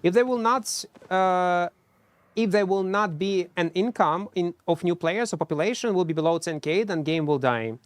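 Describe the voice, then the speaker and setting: Playing a game on stream, this man talks casually in non-native English, poking fun at himself, replying to chat and humming between plays. He has a high-pitched voice at a moderate pace, with no room sound.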